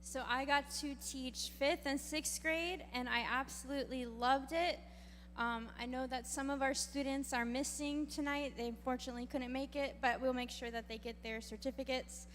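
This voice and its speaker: A woman's voice: high voice, steady tone, normal speed, fairly bright tone, slight background noise. A woman who teaches fifth and sixth grade presenting awards at a graduation, praising each student. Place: graduation ceremony hall. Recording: reverberant hall, faint crowd.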